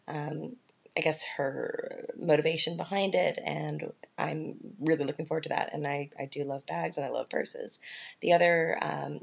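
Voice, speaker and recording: Low-voiced chatty Canadian woman. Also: vocal fry. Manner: chatty, rambling, frequent ums and asides. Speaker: podcast host. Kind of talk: casual solo podcast talk. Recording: dull lo-fi podcast recording.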